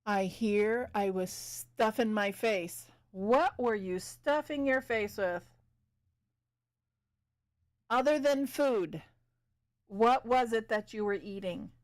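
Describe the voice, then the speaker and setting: A woman's voice: mid-range voice, slow pace, pauses often. A woman streamer chatting casually with her viewers while she paints and fixes her stream setup. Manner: chatty, talks to chat while working.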